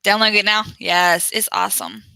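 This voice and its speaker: A woman's voice: mid-range voice, steady tone, moderate pace, vocal fry, pushed and bright, no echo, low-quality recording. A woman who teaches online, chatting casually with viewers and often laughing or trailing off as she hunts around her screen. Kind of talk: casual livestream chat with viewers.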